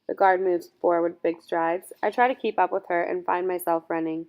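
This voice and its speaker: A woman's voice: fairly low pitch, steady tone, moderate pace, a little mellow. Woman narrating a first-person audiobook.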